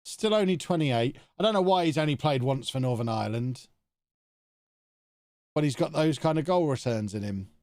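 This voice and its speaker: A man's voice: mid-range voice, expressive, moderate pace, a little mellow, no room sound, clean studio sound. A man, talking to himself in chatty commentary while streaming a video game live. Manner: chatty, thinking aloud to himself.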